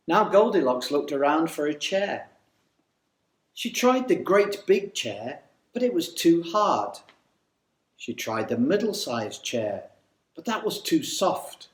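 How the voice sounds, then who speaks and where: A man reading a children's storybook aloud in a slow, animated, sing-song way. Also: sits high. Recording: echoey room.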